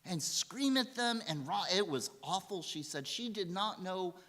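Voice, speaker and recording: Lively woman rabbi preaching in a hall. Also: on the low side, a little slow. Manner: animated storytelling. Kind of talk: sermon. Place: synagogue sanctuary. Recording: reverberant hall.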